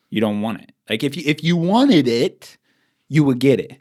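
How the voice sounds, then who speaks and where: A man's voice: medium pitch, expressive, darkish tone. Blunt, swearing man ranting on a podcast. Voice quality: blunt, profane and emphatic. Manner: fast rants with repeated "like". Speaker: podcast co-host. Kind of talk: casual podcast chat.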